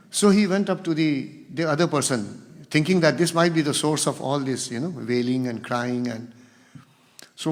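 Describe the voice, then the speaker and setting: A man gives a spiritual talk to a gathering, acting out dialogue as he tells stories. His voice sits a little high, and a long reverb trails off every phrase in a large hall. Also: moderate pace. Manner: storytelling, acts out quoted dialogue. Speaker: guest speaker.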